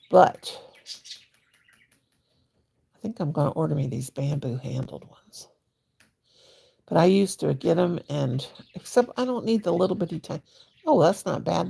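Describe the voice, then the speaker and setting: A woman's voice: on the low side, vocal fry, warm tone, slight background noise. A woman hosting a crochet livestream, chatting to viewers in a rambling, folksy way while she crochets. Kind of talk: casual livestream chat.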